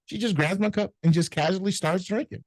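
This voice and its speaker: A middle-aged man, a notary business owner, telling animated, profane anecdotes in a casual interview and acting out the people in them. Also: high-pitched, a little fast, no room sound, poor audio.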